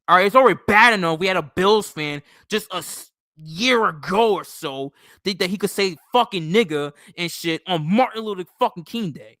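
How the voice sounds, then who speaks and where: A man's voice: high-pitched, moderate pace, hardly any pauses, sharp tone, dry recording, clean studio sound. A young man hosting his own sports channel, ranting casually with lots of swearing, often tagging "bro" and "okay". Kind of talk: casual profane sports rant.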